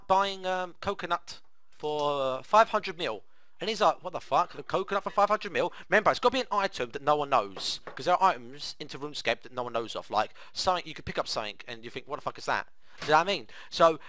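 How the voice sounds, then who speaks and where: A young man streaming a game, excitedly telling stories in a casual, swearing manner and acting out the voices of people in them. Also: medium pitch, no room sound. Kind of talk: casual storytelling while playing a game.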